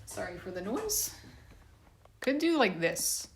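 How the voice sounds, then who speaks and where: A woman's voice: mid-range voice, wildly swooping pitch, takes it slowly, over music. Congested woman streaming from a roomy laundry room. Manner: chatty, nervous and self-deprecating. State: congested, coughing and sniffling. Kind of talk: casual live stream chat.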